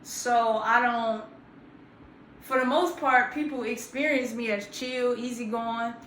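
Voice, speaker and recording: A woman around thirty, casually telling a story to camera in an animated, profane, slangy way. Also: on the high side, takes it slowly, a little hiss or hum. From grew up in Georgia, US South. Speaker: vlogger. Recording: roomy echo.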